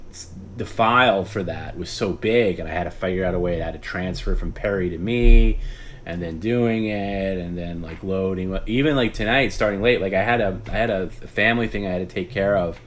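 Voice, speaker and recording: A man hosting a casual late-night stream, rambling, often laughing and breaking into hushed imitations of others. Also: deep voice, slight background noise. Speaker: podcast host.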